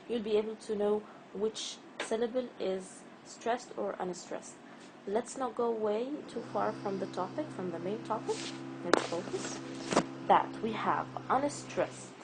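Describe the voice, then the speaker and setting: A woman's voice: medium pitch, creaky, background noise. A woman teaching a spelling and pronunciation lesson, patiently repeating words and stretching the stressed syllables.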